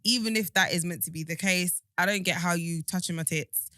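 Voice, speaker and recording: A woman's voice: fairly low pitch, fairly quick, sharp tone, no echo, studio quality. A woman, co-hosting a podcast in casual chat, talking emphatically with many restarts. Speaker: podcast co-host.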